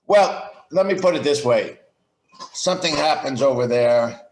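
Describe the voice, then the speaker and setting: A man's voice: medium pitch, lively intonation, reverberant, a little hiss or hum. A man speaking as a podcast guest over a video call, explaining his ideas thoughtfully and restarting his sentences often. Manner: slow, reflective explaining with frequent restarts. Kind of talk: conversational interview.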